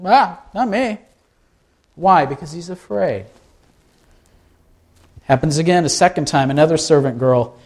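Higher-voiced man preaching conversationally. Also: moderate pace, pauses often. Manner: conversational preaching with rhetorical questions. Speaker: pastor. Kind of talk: sermon.

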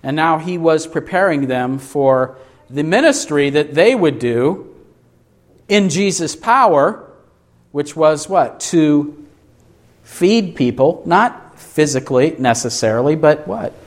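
Man, preacher; higher-pitched, unhurried, emphatic sermon delivery with rhetorical questions. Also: animated. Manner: asks the congregation rhetorical questions and answers them.

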